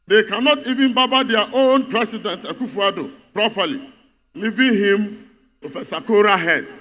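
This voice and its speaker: A man's voice: high-pitched, normal speed, bright, forceful tone. A man giving an emphatic, repetitive political speech at a party congress in a large venue. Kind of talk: rally speech. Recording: reverberant hall.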